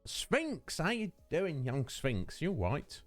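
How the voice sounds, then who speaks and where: Late-thirties male streamer, animated and talkative, dry close mic, faint music bed. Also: fairly high pitch, slow pace, no echo. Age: 30s. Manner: chatty, greets viewers by name, laughs often. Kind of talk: casual chat with livestream chat.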